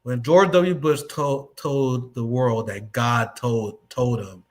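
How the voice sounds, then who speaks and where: A man hosting a stream, giving casual, profane, excited commentary on a played clip. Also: mid-range voice, slow. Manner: excited, profane, loud reactions. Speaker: stream host.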